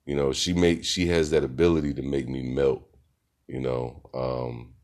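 A man's voice: rumbling low, level tone, moderate pace, a little mellow. A middle-aged man and podcast host telling a casual story in a laid-back, rambling way, full of fillers.

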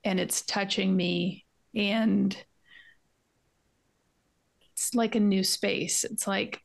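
Candid woman with a gravelly edge. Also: mid-range voice, fairly even intonation, slow pace, long pauses. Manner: candid, self-searching, tender, trails into soft asides. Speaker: podcast co-host. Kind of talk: casual reflective conversation. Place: home art studio.

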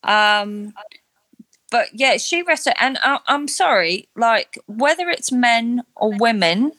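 A woman's voice: fairly high pitch, lively intonation, slow pace, a bit bright, no room sound. A woman co-hosting a podcast, chatting in a casual, opinionated and self-deprecating way about a reality show. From not Australia. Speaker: podcast co-host.

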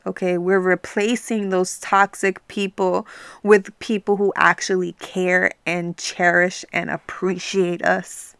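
A woman's voice: fairly low pitch, little pitch movement, takes it slowly, fairly bright tone, smooth, no room sound, clean studio sound. A woman hosting her own podcast, giving an emphatic pep talk to listeners and swearing freely. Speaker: podcast host. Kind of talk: motivational solo podcast talk.

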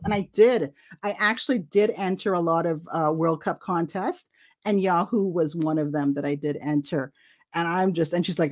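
A woman from Trinidad in her forties, telling a personal story in a casual, animated way and acting out the other people in it. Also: lowish voice, normal speed. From Trinidad and Tobago. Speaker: guest storyteller.

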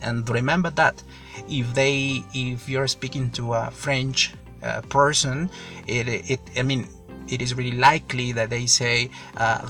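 A man's voice: medium pitch, fairly even intonation, measured pace, fairly bright tone, soft background music. A man from Mexico, a native Spanish speaker, giving a casual spoken English lesson in a rambling, repetitive way, stopping to explain words. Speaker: English learning podcaster.

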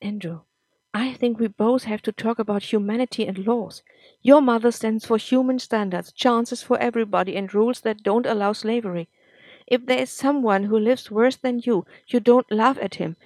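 Woman reader doing a steady, firm grown man; patient, lecturing. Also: a little high, moderate pace, dry recording. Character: calm, firm adult man, family elder brother.

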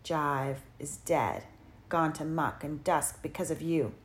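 A woman voicing a sinister ancient male spirit who steals time, speaking slowly with a rasping, coaxing menace in an audiobook. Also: deep voice, steady tone. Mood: mournful. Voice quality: rasping, creaking. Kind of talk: audiobook character voice.

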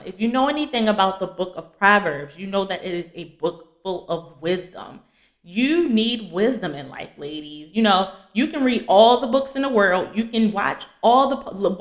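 A blunt young woman talks casually and chattily as she teaches scripture on her podcast. Her voice sits at a middle pitch and sounds a little roomy, recorded in an echoey space. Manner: chatty and blunt, addresses listeners as y'all. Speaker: podcast host and fiancée coach. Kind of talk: casual faith teaching to women. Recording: echoey room.

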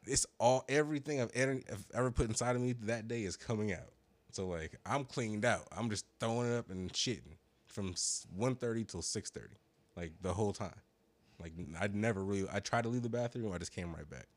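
Deep-voiced guy rambling through a cussing story, kinda high. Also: fairly quick. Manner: rambling storytelling, profane, slangy. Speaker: podcast co-host. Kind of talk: casual chat.

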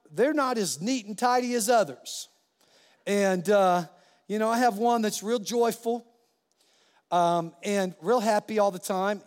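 A man delivers a sermon from the pulpit in a high, bright-pitched voice. He tells stories with animation, acting out the quoted voices. The sound carries a long reverb, like a church sanctuary. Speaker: pastor.

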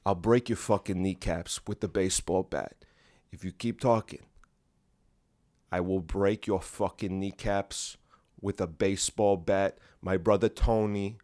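A man putting on a voice as an Italian-American mobster, growling threats in a low, quiet, drawn-out tone. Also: no echo, studio quality. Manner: slow, drawn-out menacing delivery.

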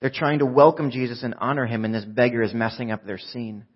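A man preaching in a casual, chatty way, pulling his listeners into the story. He swings between loud, raised passages and quiet, near-hushed moments, all at an ordinary middle pitch. The recording sounds a little dull and lo-fi. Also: steady tone, a little fast, husky. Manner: conversational, shifts between loud shouting and hushed speech. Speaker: pastor. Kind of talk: sermon.

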